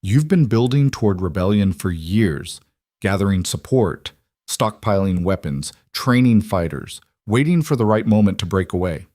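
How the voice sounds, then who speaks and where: Guy voicing a stubborn wolf shifter woman, low and level, dry sound, audiobook. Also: animated, moderate pace, warm tone, no echo. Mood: firm. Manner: level, firm, clipped. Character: defiant young female wolf-shifter leader, cold and steady. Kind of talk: audiobook character reading.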